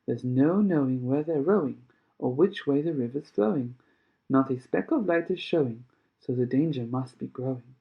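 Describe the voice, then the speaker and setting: A man voicing an eccentric, excitable male chocolate maker who exclaims and brushes off questions. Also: mid-range voice, normal speed, vocal fry, natural voice. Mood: manic. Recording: tinny phone-like sound.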